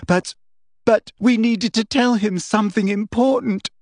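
A woman reading aloud voices a teenage schoolgirl faking tears, high and breathless. She stammers over her words in choked little bursts, with a dry, close sound. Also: unhurried, darkish tone, no echo, close to an everyday voice. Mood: wailing. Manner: stuttering, choked, fake-tearful. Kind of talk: dramatic reading.

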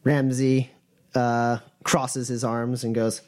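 A man narrating as game master of a tabletop game, with relaxed delivery and many fillers. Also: medium pitch, takes it slowly.

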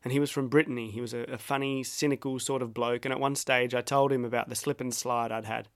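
An Australian man reads his own reflective personal essay in a measured, wry way with a dry, self-deprecating edge. His voice sits in an ordinary middle pitch for a man. The recording is close and dry, with no room sound. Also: steady tone, no room sound.

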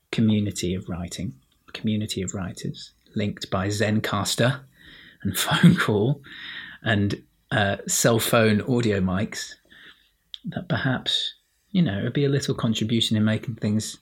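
A man with a lowish, slightly breathy voice hosts a podcast by himself, speaking into his laptop at home. He rambles through a casual solo monologue for listeners, mocking himself and restarting often.

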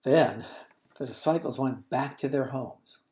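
A woman's voice: extremely low pitch, a little slow, mellow. A woman giving expository Bible teaching, retelling the story expressively and explaining original-language words.

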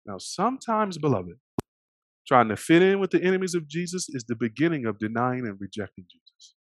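Male preacher, slightly high voice, animated and dynamic delivery, dry close mic. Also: brisk, no echo. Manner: animated, acts out voices of the characters; swings between loud and hushed. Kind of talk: sermon.

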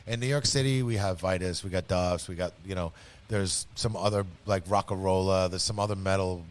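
Man, low pitch, casual profane podcast co-host, fits a laid-back bar owner. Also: steady tone, fairly quick, clean tone. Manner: profane, loose, filler-heavy.

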